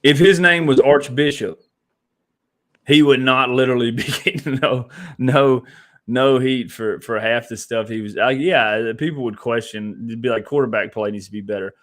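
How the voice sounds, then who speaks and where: A man's voice: medium pitch, normal speed. A man co-hosting a casual sports podcast, rambling with frequent restarts and laughter. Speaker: podcast co-host.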